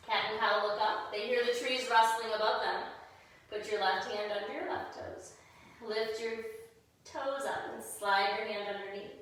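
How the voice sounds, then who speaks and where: A woman leading a kids' yoga class as a gentle story, mixing pose cues with storytelling. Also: mid-range voice, a little hiss or hum. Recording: very echoey room, voice far from mic.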